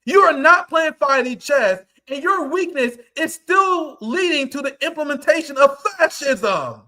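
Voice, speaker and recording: Furious high-pitched man ranting live. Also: lively intonation, a little slow. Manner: angry, profane, often shouting. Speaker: livestream host. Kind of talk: heated livestream rant.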